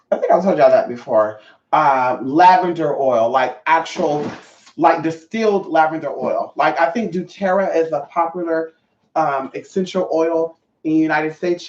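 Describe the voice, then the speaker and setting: A man's voice: a little high, reverberant, lo-fi sound. A sassy man chatting casually on a livestream, swearing freely and greeting viewers by name. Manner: sassy, profane, chatty, reads viewer comments. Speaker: vlogger.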